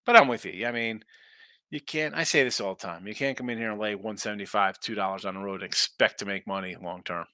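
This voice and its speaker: A man with a fairly low pitch and a bright, forceful tone hosts a sports betting show, recorded dry with clean studio sound. He reads viewer comments in casual live-stream talk, sounding brash, sarcastic and fast.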